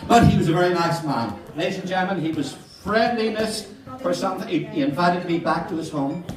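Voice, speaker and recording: An older man rattles off cheery one-liners to a live crowd. His voice rises and falls all over, bright and a touch high. The sound is heavily echoey and caught from some distance, like a hall recording. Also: lively intonation, brisk. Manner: cheery storyteller, addresses the audience as ladies and gentlemen. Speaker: stand-up comedian. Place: hotel function room with a live audience.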